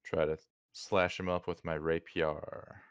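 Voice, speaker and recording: A man playing a tabletop game over an online call, narrating his character's moves in an unhurried, hesitant way with many ums. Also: deep voice, level tone, clean tone, dry recording. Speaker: player.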